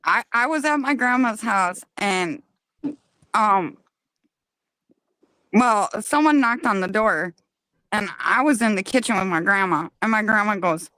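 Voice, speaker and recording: Slow-talking woman telling a family story. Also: mid-range voice, dry recording. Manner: storytelling, animated asides and mock sounds. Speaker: co-host. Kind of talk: casual chat. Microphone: remote call mic.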